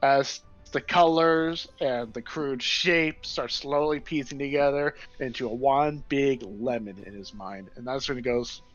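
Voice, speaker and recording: A man's voice: mid-range voice, measured pace, hardly any pauses, faint music behind. A man running a tabletop game as game master, narrating scenes playfully. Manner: playful, animated storytelling. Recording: dull lo-fi recording.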